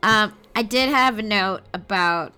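A woman co-hosting a casual movie podcast, expressive and quick to giggle. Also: medium pitch, clear, resonant tone. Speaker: podcast co-host.

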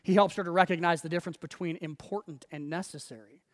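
A man's voice: fairly high pitch, fairly even intonation, quick pace, long reverb tail. A man preaching a sermon in a conversational way, acting out quoted voices and laughing often. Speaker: pastor.

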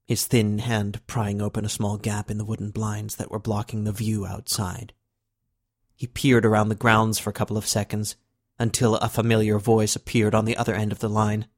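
Low-voiced male audiobook narrator. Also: no room sound, studio quality. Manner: steady, even storytelling. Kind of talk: scripted narration.

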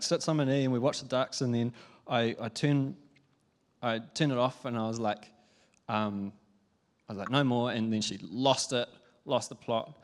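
A young New man preaching a sermon, telling a family story in a lively, chatty way with frequent laughs. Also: medium pitch. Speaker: pastor.

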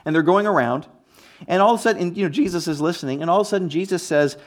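A man's voice: sits high, very fast. A man preaching a sermon in a conversational, emphatic way, with frequent restarts and asides. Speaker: pastor.

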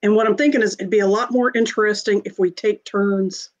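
A woman's voice: mid-range voice, steady tone, brisk, muffled recording. A woman hosting a casual chat, teasing her co-host and steering the talk. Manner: warm teasing banter, leads the talk. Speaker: podcast host.

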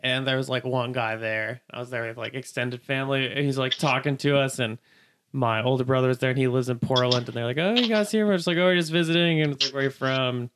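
Young man, podcast host, mid pitch, rambling, frequent laughter. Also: fairly even intonation, fast talker, fairly bright tone, smooth. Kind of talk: casual chat.

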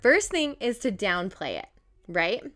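A woman's voice: medium pitch, very animated, a little slow, a bit bright. Bubbly chatty young woman vlogger. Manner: bubbly, laughs often, chatty with many fillers. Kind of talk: casual talk to camera.

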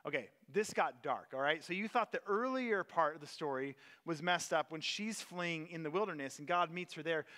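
Bright-voiced man preaching casually. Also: a little high, normal speed, hardly any pauses. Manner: conversational, retells scripture in everyday paraphrase. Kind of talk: casual sermon with scripture reading.

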